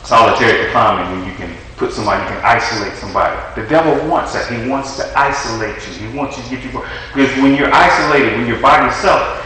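A man's voice: medium pitch, quick pace, few pauses, sharp tone. A man preaching conversationally, telling a story and acting out the quotes. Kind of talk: storytelling sermon. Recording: echoey hall from far off, faint noise.

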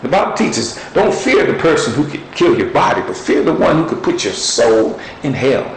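A man's voice: fairly high pitch, sing-song, normal speed, a little hiss or hum. A man preaching a sermon in an earnest, conversational storytelling way. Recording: roomy echo with faint ambience.

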